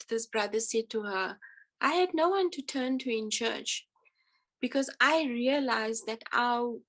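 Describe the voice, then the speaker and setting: Woman, fairly high voice, earnest testimony, halting with ums, emotional. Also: poor audio. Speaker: speaker sharing her testimony. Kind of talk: personal testimony talk.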